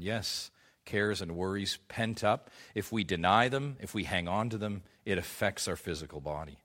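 A man's voice: low-pitched, moderate pace, a bit bright. A man preaching a sermon as pastor, impassioned and rising to emphatic peaks.

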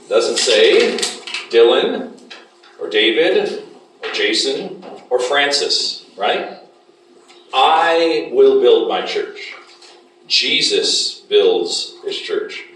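This Bible class teacher has a lowish voice with a fairly bright tone, and he lectures while frequently quizzing the class. The mic sits far off in an echoey room, picking up slight background noise.

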